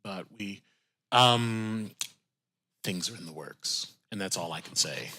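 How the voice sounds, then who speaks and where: Male co-host, lowish pitch, bright edge; blunt, swears freely, quick joking asides. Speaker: podcast co-host. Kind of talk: casual chat.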